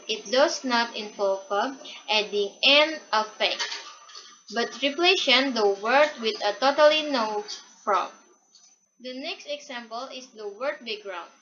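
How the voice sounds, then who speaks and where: A young woman student reading a class presentation aloud from a prepared script, haltingly and with restarts, on a dull lo-fi recording. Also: on the high side, fairly bright tone, slight background noise.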